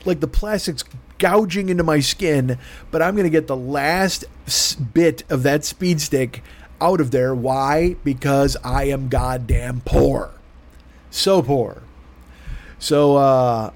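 Male podcast host, slightly high voice, animated profane comic monologue. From grew up poor. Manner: profane, animated, self-mocking. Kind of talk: comedic storytelling monologue.

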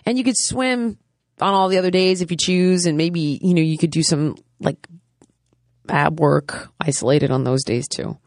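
Blunt, energetic woman fitness trainer. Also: low voice, dry recording, clean studio sound. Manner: blunt and energetic, explains with quick examples. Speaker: fitness trainer answering listener questions. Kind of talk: casual podcast chat.

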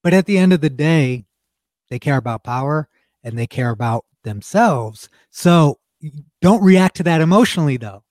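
A man's voice: fairly high pitch, expressive, normal speed, darkish tone, no room sound, studio quality. A man co-hosting a podcast in casual chat, speaking bluntly and emphatically and swearing freely. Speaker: podcast co-host.

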